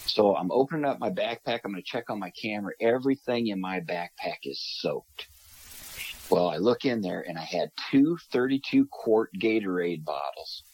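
Brief: man in the guest seat, deep and a bit husky, tells a story with energy and acts out the people he quotes. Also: moderate pace, rough recording. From Minnesota. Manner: animated, acts out quoted voices. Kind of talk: casual podcast storytelling.

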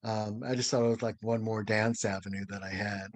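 An older man from St. Louis, a dancer being interviewed, telling a story with lively, acted-out quotes and chuckles. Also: lowish voice, fairly quick, no room sound. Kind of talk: anecdotal storytelling.

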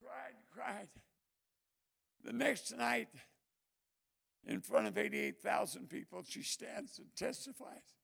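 An older man, a missionary preacher, telling stories in a sermon, moving from quiet asides to loud bursts. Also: extremely high pitch, takes it slowly, vocal fry, pauses often, breathy edge. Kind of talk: storytelling sermon.

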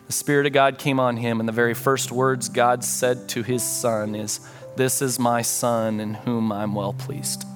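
A man pastor delivering a sermon, telling a story with earnest feeling and acting out prayers and conversations. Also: mid-range voice.

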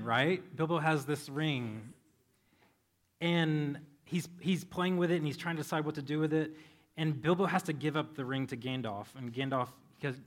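Conversational male pastor preaching. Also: on the high side. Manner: conversational, animated when storytelling, soft when praying. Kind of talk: sermon. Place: church. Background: faint band music.

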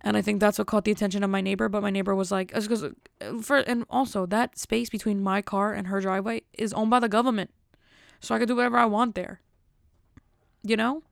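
Gravelly young woman telling a story. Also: mid-range voice, flat delivery, fast, no echo, studio quality. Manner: rambling, filler-heavy, exasperated retelling. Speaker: vlogger. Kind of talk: casual storytelling.

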